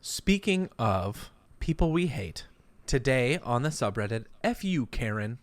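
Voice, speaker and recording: A man co-hosting a podcast, telling anecdotes with wry, deadpan banter. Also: mid-range voice, measured pace, dry recording. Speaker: podcast co-host. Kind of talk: casual podcast chat.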